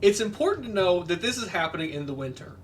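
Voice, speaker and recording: A man's voice: high voice, big pitch swings, fast talker, far from the mic, slight background noise. A man casually retelling a movie plot while playing a game, rambling with lots of fillers and quoted lines. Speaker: podcast co-host.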